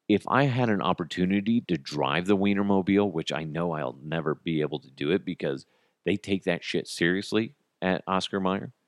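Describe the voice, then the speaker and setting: A man in his thirties hosting a podcast, ranting crudely and comically with sudden jumps in pitch. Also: no echo, clean studio sound. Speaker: podcast host. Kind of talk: casual comedic monologue.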